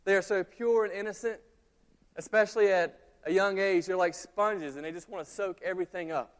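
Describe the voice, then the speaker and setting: High-voiced pastor in a reverberant church. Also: male voice, fairly quick, smooth. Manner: conversational, animated storytelling with asides to the congregation. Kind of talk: sermon. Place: church sanctuary.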